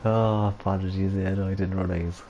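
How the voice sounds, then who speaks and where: Mellow-voiced man streaming a game. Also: deep voice, fairly even intonation, normal speed, muffled recording, slight background noise. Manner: jokey banter with chat. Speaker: gaming streamer. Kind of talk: casual live-stream chat.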